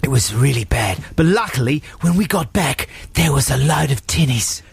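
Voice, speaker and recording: A man's voice: medium pitch, lively intonation, normal speed, vocal fry, breathy edge, heavily acted. A man doing a jokey put-on Australian accent as a cheerful beach-loving bloke in an improvised radio comedy sketch. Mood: boisterous. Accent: mock Australian. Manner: loud, jokey, says "mate" often.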